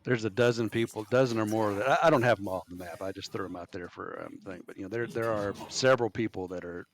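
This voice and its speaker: A man's voice: fairly low pitch, fast talker, slight background noise. A man running a tabletop game as game master, explaining rulings with some hesitation.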